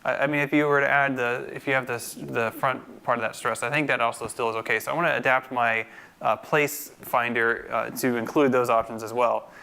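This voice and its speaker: Male instructor, screencast coding tutorial, gravelly yet crisp tone, bright voice, talks through his steps. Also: medium pitch, steady tone, fairly quick. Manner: thinks aloud, many fillers and restarts.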